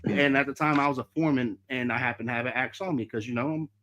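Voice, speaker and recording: A man's voice: mid-range voice, quick pace, sharp tone. A profane, heated man hosting a livestream. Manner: heated, heavy swearing. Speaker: livestream host. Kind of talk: casual storytelling on a live stream.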